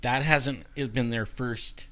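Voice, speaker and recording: A man's voice: mid-range voice, takes it slowly. A man telling a personal story in casual chat, acting out the lines of the people in it and filling with "you know". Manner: animated, acts out dialogue with many "you know" fillers. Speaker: guest.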